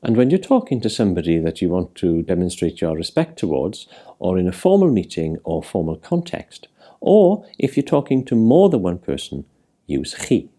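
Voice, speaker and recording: A man teaching a language lesson, explaining and clearly modelling words for learners. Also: low-pitched, very animated, normal speed, mellow. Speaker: Welsh language tutor. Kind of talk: scripted teaching narration.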